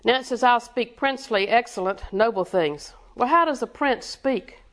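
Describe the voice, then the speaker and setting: A woman preaching in a somewhat high voice, building her points through rhythmic repetition. She puts questions to the congregation and answers them herself. Short chuckles come between her points. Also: normal speed, a bit bright. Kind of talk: sermon.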